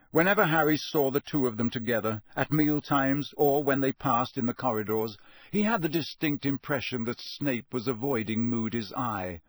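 A man narrating a novel aloud in a measured, expressive storytelling manner. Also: mid-range voice, no echo. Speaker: audiobook narrator. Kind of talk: scripted narration.

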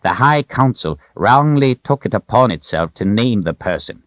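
An old storybook wizard with a thin, bony frame, proud and cryptic, his voice lifted well above the narrator's own as a man puts him on. He swings between ringing proclamations and sly, lowered asides, with a dry, close, slightly muffled sound. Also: sing-song, measured pace, dry recording. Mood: wry, knowing. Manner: high, ringing proclamations, then wry, secretive asides.

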